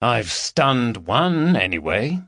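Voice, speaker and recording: A man plays a wry young male detective around thirty, talking in a low-key, knowing way. The voice is bright and lively in pitch. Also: takes it slowly, creaky, dry recording, studio quality, heavily acted.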